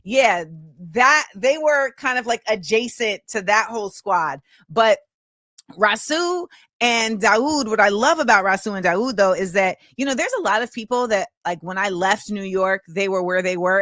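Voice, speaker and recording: Talk-show host, woman, bright forceful tone, dry close sound, rambling casual chat. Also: mid-range voice, moderate pace, dry recording. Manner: chatty, rambling with many fillers. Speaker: podcast host.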